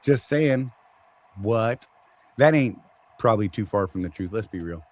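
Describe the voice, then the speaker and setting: A man's voice: lowish voice, animated, measured pace, poor audio. A man with a Southern accent hosting a casual live chat, rambling and teasing with jokes. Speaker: show host.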